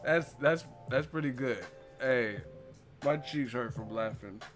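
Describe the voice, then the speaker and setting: Speaking slowly at a medium pitch, this man hosts a boxing live stream chat over faint background music. He's giggly and profane, and he keeps breaking into laughter.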